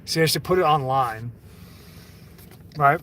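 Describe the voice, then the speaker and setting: Here a livestream host reads his chat aloud in a casual, profane, rambling rant, stumbling through fillers and restarts. His voice is a little high and fairly bright, and his pace is measured. The mic sits at a distance, with slight background noise.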